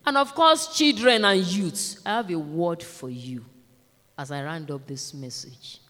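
A woman's voice: on the low side, unhurried, a bit bright. Emphatic woman preaching in reverberant church. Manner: emphatic, repeats exhortations, addresses the congregation directly. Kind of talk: sermon. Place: large church.

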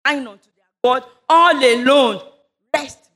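A high-pitched woman preaches a sermon, moving between scripture reading and fervent prayer. Her voice sits well above the usual range, and her declarations ring with conviction. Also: unhurried. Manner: fervent, rising into loud declarations during prayer.

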